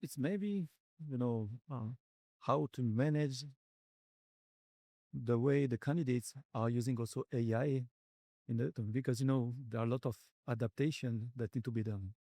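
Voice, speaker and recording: A man with a French accent, a company founder answering interview questions at a conference in a halting way, pausing often to search for words in English. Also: medium pitch, warm tone, no echo, studio quality. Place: conference venue.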